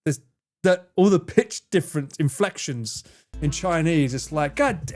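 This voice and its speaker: Male streamer, bouncy pitch, foul-mouthed and laughing as he reads chat, faint music underneath. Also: animated, a little slow, a little mellow. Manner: swears a lot, laughs often, answers chat. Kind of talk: casual live-stream chat.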